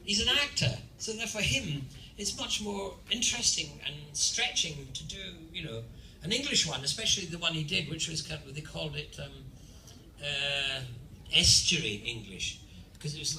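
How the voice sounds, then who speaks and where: A man's voice: fairly high pitch, lively intonation, normal speed, pushed and bright, recorded from a distance, a little hiss or hum. An older man with a Scottish accent, a convention panel guest telling playful stories with laughing asides. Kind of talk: anecdotal storytelling to an audience. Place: large convention hall. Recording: echoey hall with crowd.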